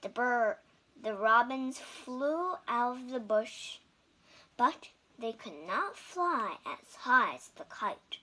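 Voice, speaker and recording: A woman reading a children's picture book aloud slowly and carefully, with small restarts, then teaching and spelling out vocabulary words. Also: fairly high pitch, expressive, bright, forceful tone. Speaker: storybook reader and English teacher. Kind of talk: children's storybook read-aloud.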